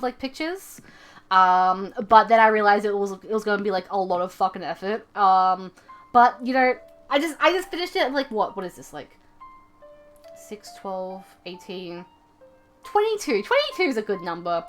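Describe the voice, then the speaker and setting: Young woman, high-pitched, streamer, casual rambling chat, playful and giggly. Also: animated, a little fast, a bit bright, faint music behind.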